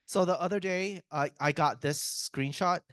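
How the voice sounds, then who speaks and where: A man's voice: a little high, moderate pace, a bit bright, dry recording. A man in IT giving a casual, joking conference presentation, chatty and often breaking off mid-sentence to restart. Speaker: IT speaker at a tech summit.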